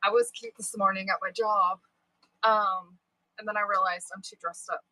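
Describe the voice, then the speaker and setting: A young woman talks to her livestream viewers about selling, candid and chatty, now and then swearing and drifting off topic. Her voice is bright and forward. The sound is dry and close, with no room echo. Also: mid-range voice, fairly even intonation, moderate pace. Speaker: livestream seller. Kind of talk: casual livestream chat.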